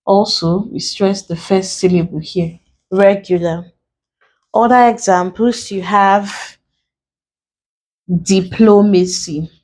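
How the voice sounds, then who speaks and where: Slow, deliberate Nigerian woman teacher. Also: medium pitch, steady tone, a little mellow, low-quality recording. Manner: slow and deliberate, spelling out letters. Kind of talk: exam-prep lesson.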